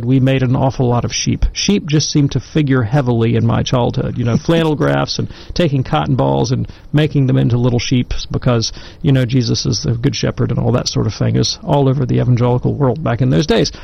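A man's voice: mid-range voice, fairly even intonation, fairly quick, creaky, few pauses, a little mellow. A man on a discussion show, telling a self-deprecating anecdote in a conversational way and then moving into commentary. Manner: storytelling, self-deprecating, acts out quoted voices. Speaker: panelist on a Catholic discussion show. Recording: dull, muffled, dry recording.

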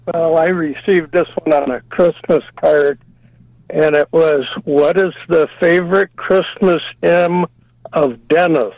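A man phones in to a radio show and tells a joke with a slow, steady delivery. His voice is gravelly and a bit high for a man. The line sounds dry and close. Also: dry recording, low-quality recording. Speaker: caller. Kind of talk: telling jokes on a call-in.

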